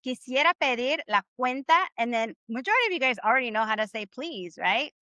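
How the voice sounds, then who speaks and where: Bright-voiced upbeat woman teaching Spanish. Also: on the high side, expressive, brisk, no room sound, highs cut off. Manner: upbeat, encouraging, leads call-and-response drills. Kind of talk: live online class.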